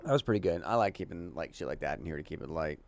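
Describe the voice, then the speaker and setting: A man's voice: deep voice, expressive, rapid-fire, creaky. A man from the southern United States giving rambling, casual reaction commentary as a streamer, swearing offhandedly.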